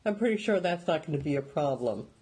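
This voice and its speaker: A man reading a calm older brother with a dry, teasing manner. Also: fairly high pitch, quick pace, natural voice.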